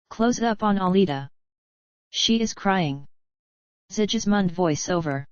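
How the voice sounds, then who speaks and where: Slow woman reading a screenplay aloud. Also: medium pitch, animated, no echo. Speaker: reader. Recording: dull lo-fi dry recording.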